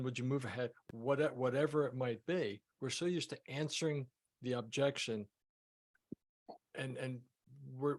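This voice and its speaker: Emphatic man coaching a sales group. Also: mid-range voice. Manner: emphatic, repeats words while teaching.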